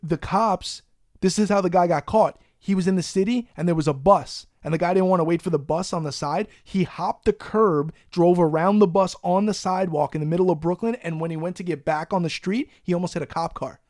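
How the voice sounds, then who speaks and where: A man, hosting a podcast and telling a profane, animated story in a casual way. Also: high voice, fairly quick, dry recording, studio quality. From Long Island, New York. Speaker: podcast host.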